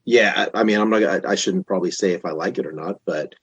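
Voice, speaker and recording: A man in his fifties, a podcast guest, telling a long story in a casual, animated way with lots of restarts. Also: sits low, fast talker, slightly rough, no room sound, lo-fi sound. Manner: animated, chatty, many restarts.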